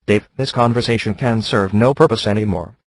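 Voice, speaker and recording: A synthetic man reading a calm polite ship computer. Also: fairly low pitch, brisk, gravelly, no echo.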